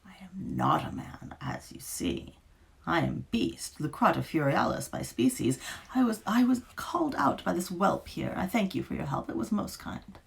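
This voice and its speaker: Storybook reading: woman playing an eager, courtly monster, gravelly and animated. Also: fairly low pitch, normal speed, voice pushed up. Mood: courteous. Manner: overly polite, flowery. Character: courteous, ghoulish beast monster, eager and pompous.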